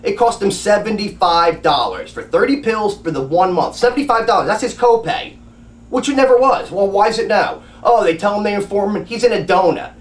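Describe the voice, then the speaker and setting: Agitated male storyteller, high lively voice, roomy recording from a distance. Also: fairly quick. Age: adult with a grandmother and father living. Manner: agitated, animated retelling with acted-out quotes. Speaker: family advocate recounting a doctor visit. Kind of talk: casual personal storytelling. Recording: echoey room, voice away from mic.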